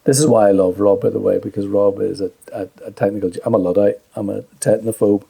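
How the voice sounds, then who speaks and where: A man's voice: lowish voice, steady tone, gravelly, warm tone, husky. A man with a Northern Irish accent co-hosting a casual podcast, teasing and bantering with his co-host. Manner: teasing, joking, quick to banter. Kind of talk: casual chat.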